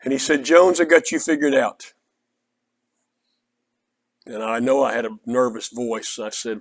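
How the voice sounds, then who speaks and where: A man's voice: mid-range voice, normal speed, pauses often. An older man with an Oklahoma Southern accent, preaching an earnest, conversational sermon that is built around a personal story. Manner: earnest, conversational, quotes others in dialogue.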